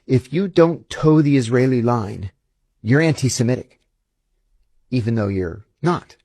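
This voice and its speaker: A man's voice: mid-range voice, animated, measured pace, warm tone, no echo. A man being interviewed, telling stories animatedly and acting out the dialogue he quotes. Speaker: interview guest, former intelligence officer. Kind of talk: conversational interview storytelling.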